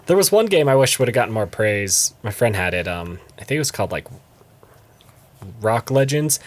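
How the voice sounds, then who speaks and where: A young man chatting loosely on a podcast with his friends. His voice swings widely in pitch, and he laughs often and breaks into high mocking voices. His middle-range pitch sits at an everyday level. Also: very animated, moderate pace. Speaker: podcast co-host. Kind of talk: casual chat.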